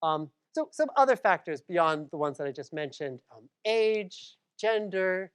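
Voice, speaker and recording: A woman's voice: lowish voice, animated, a little slow, smooth. A woman from Massachusetts giving a public library lecture, conversational, with frequent ums and asides to the audience.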